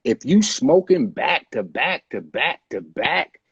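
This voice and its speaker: A man in an interview, telling a story in a relaxed way and swearing freely. His voice is husky and mid-pitched. The recording sounds dull and dry. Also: takes it slowly, no room sound. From United States. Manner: laid-back, profane storytelling. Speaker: rapper, interview guest. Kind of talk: casual storytelling.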